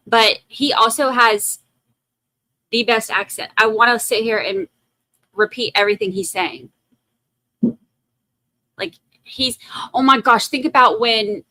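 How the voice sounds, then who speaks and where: A woman's voice: medium pitch, pushed and bright, dry recording. A woman hosting a trial stream, chatting in a casual, playful way on a close mic. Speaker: host commenting on a trial stream. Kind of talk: casual live commentary.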